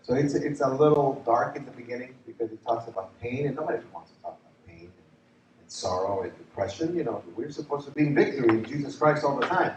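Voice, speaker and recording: A man preaching a lively retreat sermon as a pastor, joking and asking the crowd questions. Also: mid-range voice, fast, slight background noise. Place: church retreat hall. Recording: echoey hall from far off.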